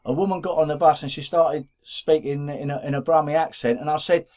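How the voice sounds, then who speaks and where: A man's voice: on the high side, steady tone, fairly quick, a little mellow, a little hiss or hum. A middle-aged man from the Black Country of England, co-hosting a podcast in casual chat, rambling and restarting his sentences often. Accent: Black Country English. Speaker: podcast co-host.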